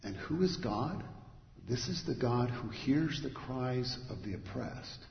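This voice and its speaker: A man preaching a sermon in a church, moving between loud declarations and hushed asides. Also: medium pitch, animated, slow, creaky. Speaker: pastor. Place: church sanctuary. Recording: dull, echoey recording in a large hall.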